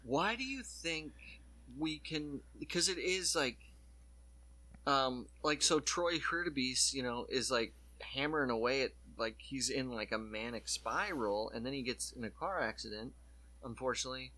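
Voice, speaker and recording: A man in casual podcast chat, excited and swearing as he retells scenes. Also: mid-range voice, moderate pace.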